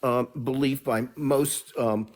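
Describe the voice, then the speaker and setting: An American man calling in to a live online debate, measured and hesitant, with many ums and uhs. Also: mid-range voice, fairly even intonation, noisy background. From United States. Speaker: call-in guest.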